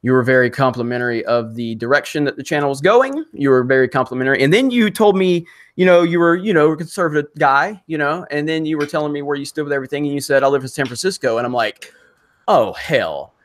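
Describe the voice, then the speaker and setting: Casting: man from Alabama, young adult stream host, loose rambling delivery, slightly high voice. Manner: rambling, many fillers and restarts, quick laughs. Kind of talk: casual live stream chat.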